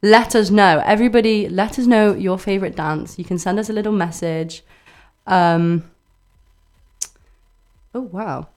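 A woman's voice: medium pitch, measured pace, long pauses, darkish tone. A young woman co-hosting a radio show in casual chat, talkative and giggly, with lots of "like". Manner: chatty and giggly, full of "like".

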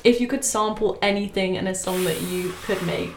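A woman's voice: mid-range voice, moderate pace, echoey room, noisy background. A young woman hosting a casual radio show in a chatty way, correcting herself as she goes.

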